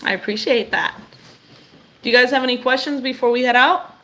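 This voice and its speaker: A woman's voice: on the high side, a little fast. Encouraging woman hosting a live stream. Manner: warm, affirming, addresses viewers directly. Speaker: host of a weekly live stream.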